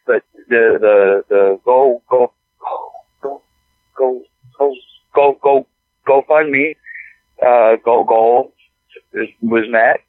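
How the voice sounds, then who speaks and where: A man talking as a podcast guest, halting and stammering, often repeating words as he speaks. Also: medium pitch, no room sound. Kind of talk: casual conversation. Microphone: phone call. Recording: tinny phone line, dry.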